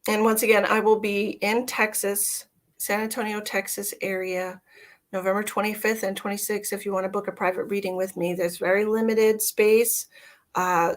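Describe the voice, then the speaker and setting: Middle-aged lady psychic chatting on a livestream, easygoing and rambling, mid-pitched voice. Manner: chatty, breaks into high-pitched baby talk calling her cat. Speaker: psychic medium hosting live readings. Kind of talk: casual livestream chat.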